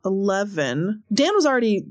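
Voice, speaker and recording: A woman guest in an interview telling a candid story in an animated way, laughing often between quick asides. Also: mid-range voice, no room sound, clean studio sound. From Seattle area.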